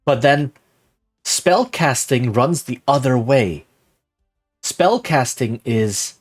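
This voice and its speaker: A man's voice: medium pitch, slightly rough. A man streaming live, casually explaining something and often asking "right?" as he goes. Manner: rambling, keeps asking "right?".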